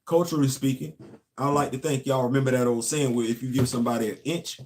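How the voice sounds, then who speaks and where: A man's voice: medium pitch, fairly even intonation, fast talker, a little mellow. A man, a show host and former Marine, telling a long casual story and asking his listeners rhetorical questions.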